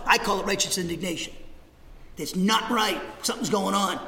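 A man preaching a sermon, animated, swinging between raised, shouting passages and hushed asides. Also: sits high, brisk. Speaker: pastor. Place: church sanctuary. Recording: reverberant church sanctuary.

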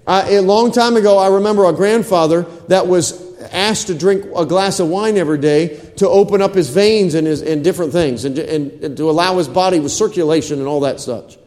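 Preacher, high voice, reverberant church. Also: male voice, fairly quick, few pauses, a little mellow. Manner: preachy, asks the congregation questions, repeats phrases. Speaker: pastor. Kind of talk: sermon.

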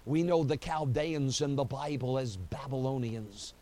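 With a medium-pitched, dark voice and a slightly slow pace, a man preaches as pastor at an evening church service. He tells the story animatedly, acts out quotes, and leans on frequent "you know" fillers.

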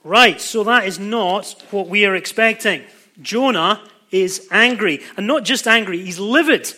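A male preacher expounding scripture with a bright, forceful tone. He leans hard on key words, slowing down and speeding up to drive his points home. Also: high-pitched. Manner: emphatic, with pace slowing and speeding for stress. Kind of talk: sermon.

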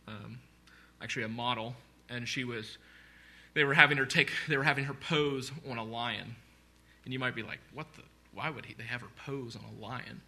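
A man's voice: mid-range voice, pushed and bright. A man preaching a sermon, speaking earnestly and conversationally with repeated phrases and asides. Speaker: pastor.

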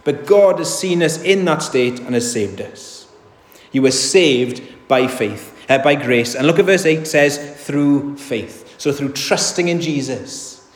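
In a church with echoey hall reverb, a man preaches a sermon in a mid-range, expressive voice that moves a little slowly. He is earnest and emphatic, frequently putting rhetorical questions to his listeners.

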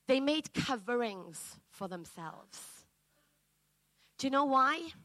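Woman preacher, fairly high and bright, unhurried sermon delivery that builds to fervent emphasis. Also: animated, no room sound, poor audio. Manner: earnest, rises to fervent emphasis. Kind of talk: sermon with scripture reading. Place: church.

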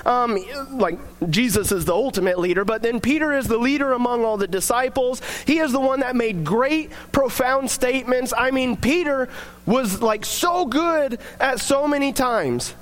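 A young man giving a casual devotional talk, telling stories in a chatty way with many fillers. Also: very high voice. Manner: chatty, filler-heavy storytelling. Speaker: devotional speaker.

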